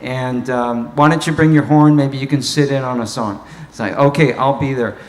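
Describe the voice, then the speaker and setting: A man, a saxophone player, telling an animated story at a live Q&A and laughing as he goes. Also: medium pitch, moderate pace. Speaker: saxophonist guest.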